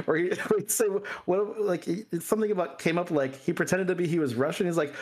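Man, fairly high voice, halting casual chat, repeats himself. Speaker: podcast co-host.

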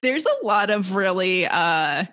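A woman's voice: mid-range voice, big pitch swings, takes it slowly, a bit bright. A woman co-hosting a casual podcast chat over a video call, easygoing and wry. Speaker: podcast co-host.

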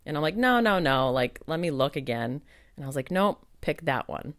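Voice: mid-range voice, a little fast, dry recording, studio quality. An adult podcast host and psychic medium in a casual monologue, chatty and full of fillers, acting out their own past thoughts.

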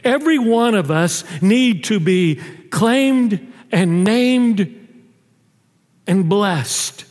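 A male pastor preaching a sermon in a church, telling stories and dropping low and soft on tender lines. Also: expressive, very slow. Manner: storytelling, drops low and soft on intimate lines. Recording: long reverb of a church hall.

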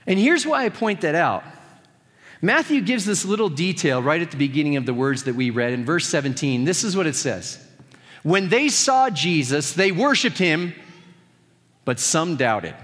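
A man's voice: high-pitched, expressive, normal speed, fairly bright tone, in a large hall. A man preaching a sermon as pastor, conversational and earnest with touches of humor.

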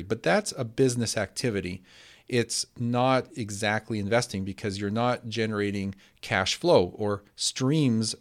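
A man hosting a podcast, answering a listener's question in a measured, explanatory way. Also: lowish voice. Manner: explanatory, measured, steady teaching tone. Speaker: podcast host.

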